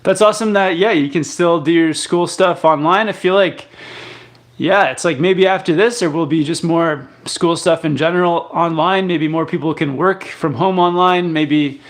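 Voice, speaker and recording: Speaking at a moderate pace in a slightly high voice, this young man from Canada hosts a live chat, casually reading out viewer comments. His replies ramble easily, full of fillers and restarts.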